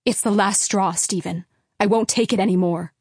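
A fed-up mother at her breaking point, loud and forceful, as a woman reader plays her. Her voice is mid-pitched and the recording dry and close. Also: normal speed, no room sound, lightly acted. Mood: angry. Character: mother, fed-up wife, angry and tearful. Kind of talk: audiobook character reading.

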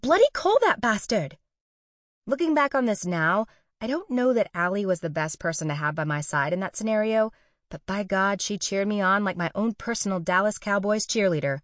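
A woman's voice: mid-range voice, brisk, dry recording, clean studio sound. A young woman narrating a first-person story with wry, sarcastic and profane humor.

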